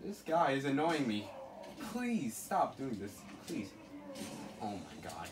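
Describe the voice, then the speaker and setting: Exasperated, animated gamer commentary. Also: medium pitch, slow. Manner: exasperated, exclaiming and pleading at the game. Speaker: let's play gamer. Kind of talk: live gameplay commentary.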